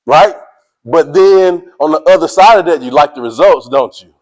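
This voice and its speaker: A high-pitched man gives a fired-up motivational talk to a team. He talks in casual slang, says "y'all", and keeps calling out to his listeners to make them pay attention. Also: normal speed, poor audio. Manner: energetic, preachy, calls out to listeners. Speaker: motivational speaker.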